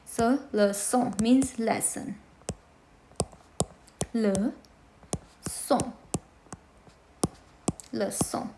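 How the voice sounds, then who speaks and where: A woman teaching a beginner French lesson, who slowly repeats each word for her students. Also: on the high side, noisy background. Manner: slow, repeats words for students to hear.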